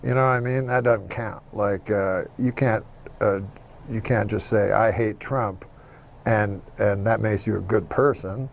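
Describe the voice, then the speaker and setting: A man's voice: fairly low pitch, measured pace, creaky, a little hiss or hum. A man talking casually in an interview, hesitant with lots of filler. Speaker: comedian guest.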